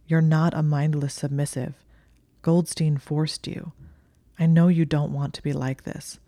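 A reader voices a sardonic, exasperated young male wizard in an audiobook. His lines come clipped, strained and firm, in a mellow, dry, close sound. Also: medium pitch, flat delivery, measured pace, no echo, close to an everyday voice. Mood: worried. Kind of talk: audiobook reading.

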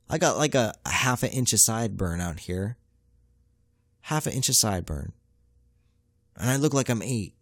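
A man's voice: lowish voice, no echo, studio quality. A young man, rambling through a profane, self-mocking comedic monologue as a podcast host.

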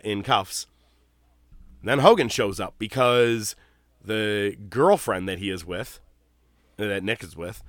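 A man's voice: lowish voice, fairly bright tone, no echo, clean studio sound. A man hosting a podcast in casual chat, telling long, rambling stories with plenty of swearing. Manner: profane, rambling storyteller. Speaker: podcast host.

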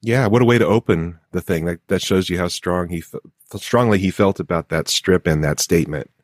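Low-voiced male co-host, thoughtful and easygoing, dry studio sound. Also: a little fast, no room sound. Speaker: podcast co-host. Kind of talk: casual podcast discussion.

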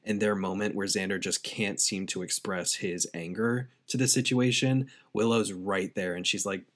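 A man co-hosting a podcast, talking through a TV episode in a relaxed, thoughtful way that trails off softly. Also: lowish voice, normal speed. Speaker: podcast co-host. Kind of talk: casual podcast chat.

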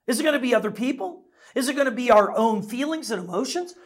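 Middle-aged male pastor, sermon delivery, lively swooping voice, casual storyteller with a self-mocking streak. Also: very high-pitched, fast talker. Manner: conversational storytelling, self-deprecating humor.

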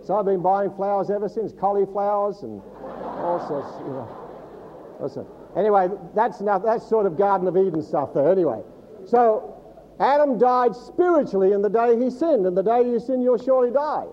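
Man, pastor, sermon in church, high voice, quizzes the congregation, jokey asides, muffled lo-fi sound. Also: lively intonation, normal speed. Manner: teaching Bible, quizzing the congregation with humorous asides. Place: church service before a congregation.

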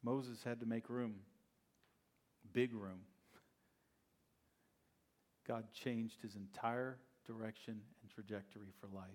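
A male pastor preaching a sermon, retelling the story in an animated, conversational way. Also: on the low side, slow pace, long pauses.

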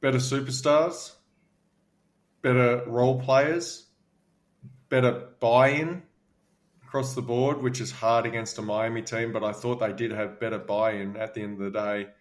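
Relaxed Australian man telling stories. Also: mid-range voice, a little slow. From Western Australia. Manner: relaxed anecdotal, frequent fillers. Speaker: podcast co-host, former basketball player. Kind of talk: casual storytelling chat.

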